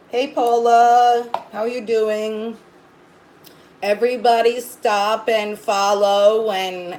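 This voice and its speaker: A woman's voice: fairly low pitch, darkish tone, slight background noise, rough recording. A woman hosting a casual livestream, rambling as she greets viewers by name and coos at her dog. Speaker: livestream host.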